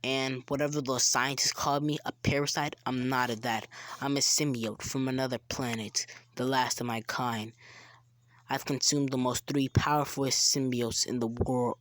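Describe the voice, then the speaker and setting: Glitch, a young narrator doing a dark laggy symbiote. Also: medium pitch, no echo, close to an everyday voice. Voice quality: dark, lagging delivery. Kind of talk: amateur fan story narration.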